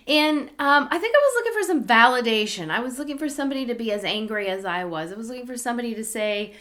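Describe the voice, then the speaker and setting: A woman's voice: a little high, fast talker, hardly any pauses. Candid woman telling her own story. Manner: candid and animated, drops to hushed asides. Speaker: spiritual channel host. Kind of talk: personal storytelling.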